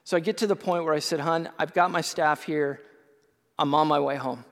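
A male pastor telling a personal testimony in a sermon, earnest and storytelling, rising at times to loud impassioned outbursts. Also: fairly high pitch, steady tone, normal speed. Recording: long hall reverb.

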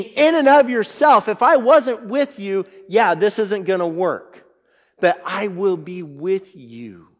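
A man delivering a sermon with a slightly high voice. He talks in a conversational way and keeps checking in with the congregation. A long reverb trails each phrase, as if he is in a big hall. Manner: conversational, checks in with "right?" and "all right?"; reads scripture aloud, then explains it. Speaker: pastor.

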